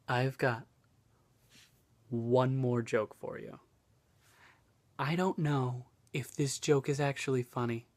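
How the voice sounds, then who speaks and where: Young male vlogger, deadpan and self-mocking, drawls his jokes slowly into a phone. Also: mid-range voice. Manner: slow, deadpan delivery with self-deprecating asides. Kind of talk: casual joke-telling to a phone camera.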